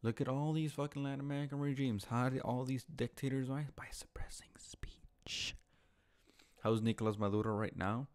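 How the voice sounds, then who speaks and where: A man's voice: mid-range voice, steady tone, fast talker, few pauses, darkish tone. A man hosting his own online show, delivering a heated, profane rant from home with lots of swearing and repetition. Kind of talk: profane ranting monologue.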